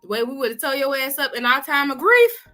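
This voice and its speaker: A woman's voice: high voice, big pitch swings, a little fast, sharp tone, faint music behind. A woman hosting a reaction video, giving blunt, sarcastic commentary on a clip. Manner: blunt, sarcastic, laughing remarks.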